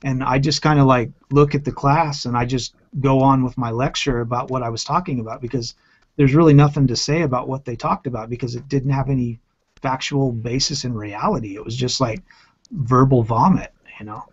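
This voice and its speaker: A man's voice: medium pitch, a little fast, husky, muffled recording. A man who teaches, chatting bluntly and profanely in a casual round-table discussion and acting out exasperated quotes. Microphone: online video call.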